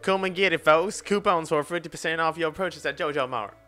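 A man voicing a smug male corporate store manager in a put-on Southern drawl, reading game lines slowly and self-satisfied. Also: on the high side, bright, forceful tone, faint music behind, voice pushed up. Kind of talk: reading game dialogue aloud.

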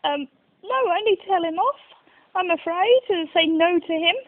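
A woman's voice: very high-pitched, moderate pace, no room sound. A woman answering an advice line who keeps breaking into giggles while trying to stay polite. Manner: giggly, struggling to keep a straight face. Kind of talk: phone conversation. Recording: tinny phone line.

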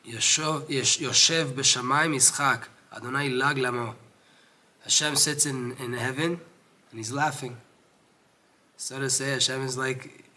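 A man giving a Torah lesson who reads Hebrew passages quickly and explains them in English with frequent restarts. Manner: grows loud and high when animated, drops low when lecturing. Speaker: Torah teacher.

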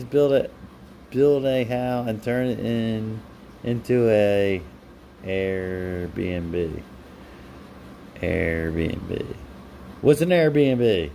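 A man's voice: medium pitch, warm tone, slight background noise. Man chatting casually on a live stream. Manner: reads viewer comments aloud and answers them; playful, teasing banter.

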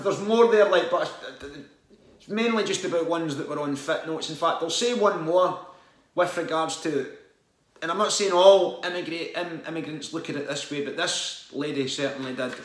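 A man's voice: on the high side, fairly bright tone, roomy sound. A man from the UK, a former benefits call-centre agent, telling stories in an earnest, rambling way with many false starts. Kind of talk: casual storytelling monologue.

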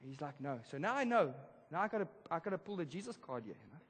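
A man preaching a sermon, telling a story in a lively, casual way with slang. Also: on the high side, fast, breathy edge. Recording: reverberant church hall.

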